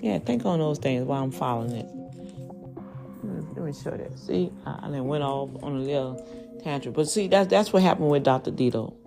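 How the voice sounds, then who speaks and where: A woman hosting a podcast, preaching in a casual way to listeners she calls y'all. She swoops up high when she gets fired up and drops low and quiet for asides. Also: expressive, brisk, gravelly, music in the background. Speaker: podcast host.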